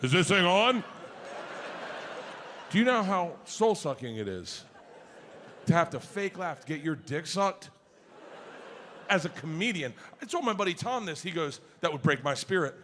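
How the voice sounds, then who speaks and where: A man doing a stand-up comedy set, telling a story loudly and acting out the other people in it with shouted voices. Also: fairly high pitch, moderate pace, long pauses, a little hiss or hum. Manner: loud, animated storytelling that jumps into shouted voices. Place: comedy club stage before an audience.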